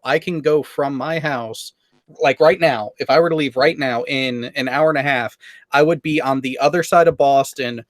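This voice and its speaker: A man's voice: on the high side, dry recording. An American man from New England chatting casually, explaining things in an easygoing way. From New England, USA. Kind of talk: casual chat.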